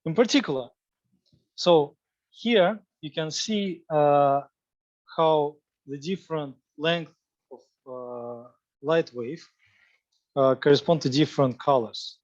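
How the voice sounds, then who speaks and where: A man with a fairly high voice gives a popular physics lecture, working through each idea step by step and rephrasing as he goes. The sound is dry, with no room echo, and slightly dull and lo-fi. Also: slow, pauses often, darkish tone.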